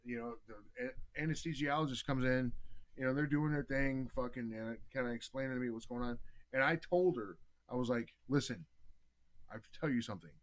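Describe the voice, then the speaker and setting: A man on a casual podcast, telling a story in a lively, swearing way. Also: mid-range voice, a little fast, low-quality recording. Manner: profane, animated storyteller. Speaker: podcast host.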